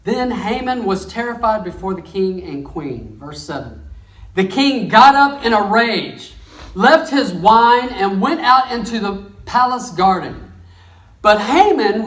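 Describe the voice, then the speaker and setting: Animated preacher in an echoey church. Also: medium pitch. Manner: animated storytelling, folksy asides. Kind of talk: sermon. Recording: echoey church room, mic at a distance.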